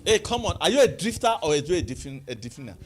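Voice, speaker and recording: A man giving a lively motivational talk to a live audience, calling out questions and having the crowd answer. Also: very fast. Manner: call-and-response, rising to high exclaims. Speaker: motivational speaker.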